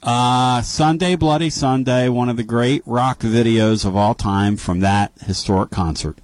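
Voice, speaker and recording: A man's voice: medium pitch, unhurried, no room sound. A man hosting a call-in sports radio show, arguing his points with emphasis and taking callers. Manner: emphatic, animated, argumentative.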